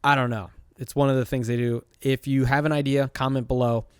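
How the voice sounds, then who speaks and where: A man's voice: medium pitch, level tone, a little fast, clean tone, no echo, clean studio sound. A man hosting a casual show recap, talking in a chatty, rambling way with many fillers. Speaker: host.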